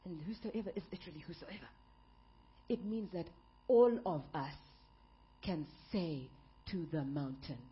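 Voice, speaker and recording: A woman pastor delivering an emphatic sermon, building up to shouted peaks. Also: fairly low pitch, measured pace, pauses often, highs cut off.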